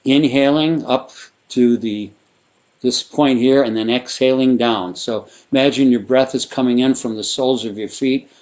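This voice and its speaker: Male sound therapy teacher, mid-pitched, loose and rambling, guided exercise delivery. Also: normal speed. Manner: relaxed, rambling, with frequent fillers and restarts. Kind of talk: guided vocal exercise instruction.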